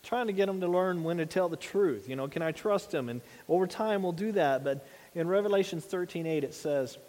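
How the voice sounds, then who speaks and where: A man's voice: high voice, a little fast, a little mellow, long reverb tail. A man preaching a sermon in an earnest, conversational way, asking his listeners rhetorical questions. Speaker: pastor.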